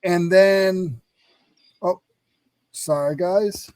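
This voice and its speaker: A man from North Carolina, a reseller, walking viewers through a website in a rambling, hurried screen-share chat. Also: high-pitched, darkish tone, clean tone, no echo. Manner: rambling, fast, self-correcting. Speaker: reseller sharing his screen on a live stream. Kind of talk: casual screen-share walkthrough.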